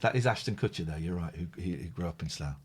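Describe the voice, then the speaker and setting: A man's voice: sits low, expressive, quick pace, breathy edge. A man hosts a live call-in stream, chatting loosely and reading out viewer comments. His voice rises and falls a lot as he talks. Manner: rambling, chatty, reads viewer comments aloud. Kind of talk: casual live-stream chat.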